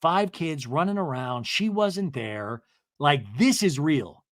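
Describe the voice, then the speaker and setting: A man hosting a podcast, recapping a reality TV episode and acting out the cast's lines in higher voices. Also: animated, takes it slowly, no room sound, clean studio sound. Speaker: podcast host.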